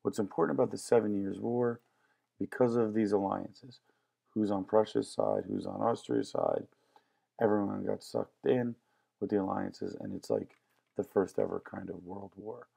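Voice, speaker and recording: A man's voice: fairly low pitch, lively intonation, normal speed, gravelly, warm tone, breathy edge. A man teaching a history lesson in a casual, joking lecture style. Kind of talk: classroom lecture.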